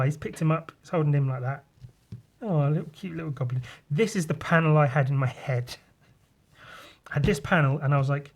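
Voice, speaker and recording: Slightly high and fairly even in intonation, this man talks a little fast as he hosts his podcast. He chats loosely about his comic pages, cursing freely and mimicking sound effects along the way.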